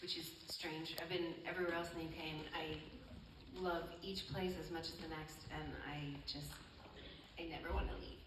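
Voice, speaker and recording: A woman's voice: sits low, little pitch movement, moderate pace. A woman chatting and laughing on a convention panel. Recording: echoey hall from far off, loud noise.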